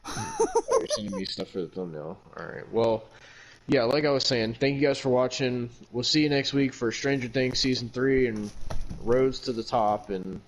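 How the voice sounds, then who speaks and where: A man's voice: mid-range voice, wildly swooping pitch, normal speed, slight background noise. A male podcast host with a mid-range voice, talking in a loose, casual way. He rants with real heat and swears in almost every sentence. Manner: heated, heavily profane ranting.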